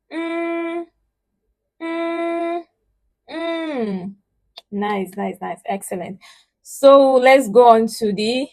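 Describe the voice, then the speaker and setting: A woman teaching a language lesson at a slow, unhurried pace. She explains patiently and leans hard on key words, then draws out example syllables clearly. Her voice sits at a medium pitch. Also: low-quality recording. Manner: patient, emphatic, models syllables slowly and loudly.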